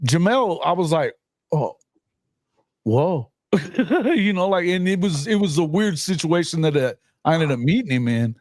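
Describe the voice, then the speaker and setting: A man's voice: fairly high pitch, sing-song, measured pace, no room sound. A middle-aged man hosting a casual sports podcast, telling stories animatedly and laughing often while chatting remotely. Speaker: podcast host, sports writer. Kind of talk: casual chat. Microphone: remote call mic.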